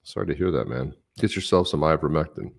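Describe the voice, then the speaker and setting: A laid-back man with a very low voice co-hosts a casual live stream. He reads out viewer comments in a relaxed way and chuckles between them. His talk is easygoing and chatty. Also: fast, vocal fry. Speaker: co-host.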